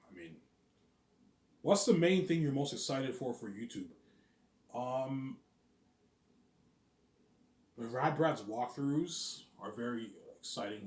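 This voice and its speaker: Man, casual rambling vlog, lively up-and-down intonation, fillers and swearing, echoey room. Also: mid-range voice, a little hiss or hum. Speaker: vlogger. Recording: roomy echoing room.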